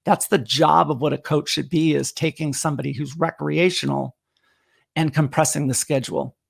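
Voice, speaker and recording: A man who is a running coach, telling an animated story in a casual live stream and acting out the dialogue. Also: a little high, normal speed, creaky, breathy edge. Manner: animated anecdote-teller who acts out quoted dialogue.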